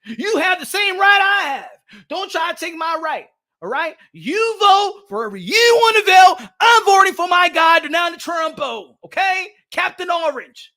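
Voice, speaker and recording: A man's voice: very high voice, animated, a little slow, bright, forceful tone, shouting. A man giving a brash, profane comedic rant, mixing in Spanish. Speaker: comedic commentator.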